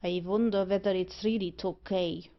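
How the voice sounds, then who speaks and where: Woman doing a crafty rough-spoken tinker man, storybook audiobook, muffled lo-fi sound. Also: medium pitch, fairly even intonation, moderate pace, lightly acted. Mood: sly. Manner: dialect speech, knowing. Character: sly cockney male tinker rogue.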